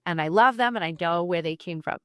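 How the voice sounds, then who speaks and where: A woman's voice: lowish voice, brisk, fairly bright tone, no echo, clean studio sound, soft background music. A woman with a Canadian accent speaking in a TV documentary interview, chatty and wry. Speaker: guest on a family history TV show.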